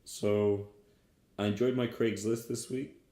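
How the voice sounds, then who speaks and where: A man co-hosting a casual podcast, dropping dry jokes in a deadpan way. His voice sits low and mellow. The living room around him sounds echoey. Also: slow. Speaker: podcast co-host. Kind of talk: casual chat.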